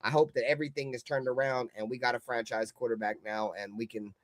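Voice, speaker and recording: A man co-hosting a heated fan sports stream, cursing and swinging between loud outbursts and low mutters. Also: steady tone, quick pace, dry recording, clean studio sound. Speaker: co-host of a fan sports show.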